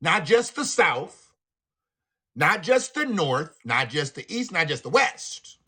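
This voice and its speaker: A man hosting a live stream, ranting in a profane, animated way with laughing asides. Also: fairly high pitch, slow pace, breathy edge. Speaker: livestream host. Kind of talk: live commentary rant.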